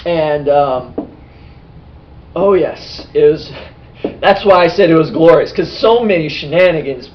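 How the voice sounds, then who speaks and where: A man who is a podcast host and game master, recapping a tabletop game session in lively, casual storytelling. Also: fairly high pitch, a little slow, pauses often, slight background noise. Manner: animated storytelling. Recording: dull lo-fi sound.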